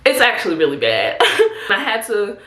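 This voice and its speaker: A woman in her twenties, talking in a chatty, open way straight to her viewers. Her voice sits at a mid pitch. The room around her echoes noticeably. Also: huge pitch swings, normal speed, fairly bright tone. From Chicago, USA. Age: 20s. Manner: chatty and candid, addressing viewers as "y'all" and "honey". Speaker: vlogger. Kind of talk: casual chat while getting ready.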